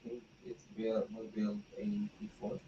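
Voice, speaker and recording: A man's voice: lowish voice, big pitch swings, measured pace, gravelly, dark tone. A man chiming in from the background with brief, offhand remarks. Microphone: off-mic, across the room. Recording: distant, dull lo-fi sound.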